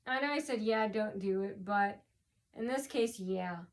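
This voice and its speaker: A woman vlogger, exhausted from lack of sleep, meanders through the story of a personal run-in without hurrying, her voice sitting in the mid-range. She keeps circling back with fillers, restarting and repeating phrases.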